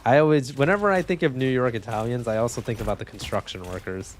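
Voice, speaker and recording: A man's voice: medium pitch, quick pace. A young man talking casually while playing a video game, joking, rambling and swearing freely. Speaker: gaming streamer. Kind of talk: casual gameplay commentary.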